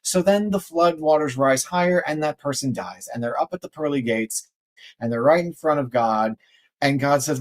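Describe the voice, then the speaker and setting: A man's voice: a little high, normal speed. A man co-hosting a live tarot stream, rambling through tangents with self-deprecating humor. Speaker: co-host, tarot reader. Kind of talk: casual chat on live stream.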